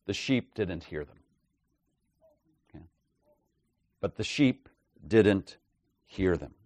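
A man preaching an expository sermon with measured, emphatic delivery, often checking in with "right?" and "okay?". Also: sits low, lively intonation, darkish tone, no room sound.

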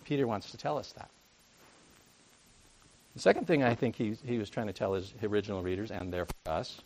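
A man's voice: medium pitch, lively intonation, brisk, darkish tone. A man preaching a conversational sermon, full of jokey asides and rhetorical questions to the congregation.

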